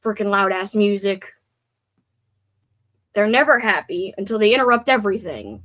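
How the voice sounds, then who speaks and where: A woman's voice: mid-range voice, animated, moderate pace, long pauses, fairly bright tone. A woman hosting a livestream, chatting casually, reading viewer comments aloud and grumbling with playful swearing. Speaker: livestream host.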